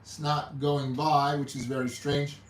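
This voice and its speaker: High-pitched guy chatting on his livestream, repeats himself a lot, echoey room, sounds far from the mic. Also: level tone, unhurried, slight background noise. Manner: rambling and repetitive, with hesitant restarts. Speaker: livestream host. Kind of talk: casual livestream chat.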